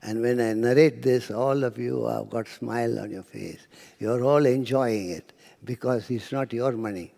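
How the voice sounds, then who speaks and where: A man's voice: medium pitch, a little slow, vocal fry, mellow, long reverb tail. A man giving a spiritual talk to an audience, telling stories and acting out quotes, sometimes dropping to a near-whisper. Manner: storytelling lecturer, acts out quotes, drops to near-whisper. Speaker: spiritual speaker. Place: lecture hall with audience.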